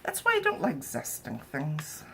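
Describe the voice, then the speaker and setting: A woman's voice: low-pitched, huge pitch swings, measured pace, creaky, slight background noise. A woman chatting wryly to camera in her home kitchen while she cooks, with jokey asides. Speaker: home cooking vlogger. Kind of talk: casual cooking demo chat.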